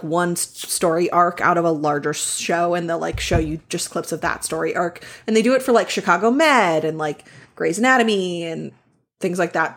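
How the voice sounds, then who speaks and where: A woman's voice: lowish voice, husky. Chatty woman co-hosting a podcast. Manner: chatty, many fillers, frank opinions. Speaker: podcast co-host. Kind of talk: casual chat.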